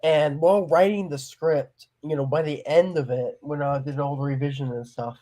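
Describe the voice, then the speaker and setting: A man's voice: on the high side, fairly even intonation, moderate pace, mellow. A young man talking about his own film during a livestream, eager and hesitant, with many restarts. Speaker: guest filmmaker. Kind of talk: casual livestream chat.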